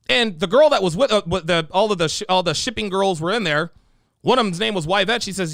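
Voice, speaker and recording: A male livestream host giving profane, animated commentary on videos, reading out viewer donations and telling stories. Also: sits high, fast talker, gravelly, dry recording, clean studio sound.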